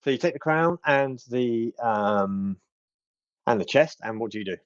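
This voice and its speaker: A man's voice: medium pitch, a little slow, no echo. Guy game-mastering a tabletop game, easygoing, lots of ums, dry muffled audio. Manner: relaxed, hesitant, with many fillers.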